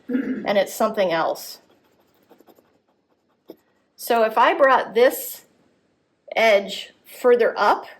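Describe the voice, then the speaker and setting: A woman teaching art, giving a live drawing demonstration at a gallery workshop and thinking aloud as she corrects her lines. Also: medium pitch. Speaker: art instructor.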